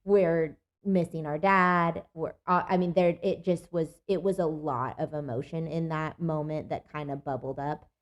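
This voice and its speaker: A young woman co-hosting a casual chat, emotional, with her voice jumping high on excited exclamations. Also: normal speed, hardly any pauses, dull audio.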